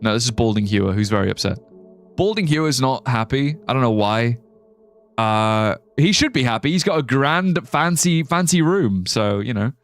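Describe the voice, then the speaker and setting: A young male streamer thinking aloud over his game, his voice rising and falling in big, animated swings. He wanders between ideas, drops the odd swear and laughs at his own jokes. Faint music plays underneath. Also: mid-range voice, moderate pace. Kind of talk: live gameplay commentary.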